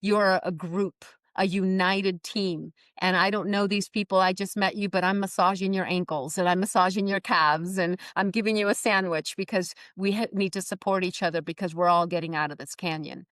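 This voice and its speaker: A woman's voice: lowish voice, steady tone, moderate pace, few pauses, a bit bright, no echo. A middle-aged woman, the guest, telling stories animatedly in an interview and acting out the voices she quotes. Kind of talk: podcast interview storytelling.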